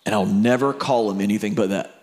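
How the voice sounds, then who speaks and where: A man's voice: on the low side, fairly quick, a little mellow. A man preaching a sermon, telling a family story in a conversational way and speaking to the crowd directly.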